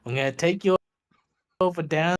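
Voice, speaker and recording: A man's voice: fairly high pitch, normal speed, smooth, natural voice. A man putting on the voice of a laid-back southern police officer who is casually menacing, with a Southern US accent. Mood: casually sinister. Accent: Southern US (put on).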